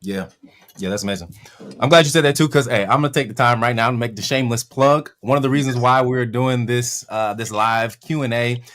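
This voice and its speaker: A man's voice: medium pitch, a bit bright. A man hosting a live Q and A, upbeat and chatty, plugging a course and reading out viewers' questions. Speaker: host of a live Q and A.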